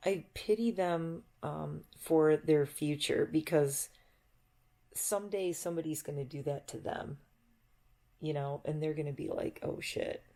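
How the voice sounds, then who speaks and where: A woman's voice: low-pitched, unhurried, mellow. A middle-aged woman vlogger talking in a chatty, reflective ramble and laughing easily. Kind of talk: casual rambling monologue.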